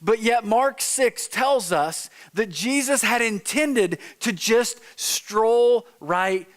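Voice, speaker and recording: Male pastor, light high voice, informal sermon that acts out its stories. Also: takes it slowly, fairly bright tone. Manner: informal, storytelling, acts out quotes. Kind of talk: conversational sermon. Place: church sanctuary.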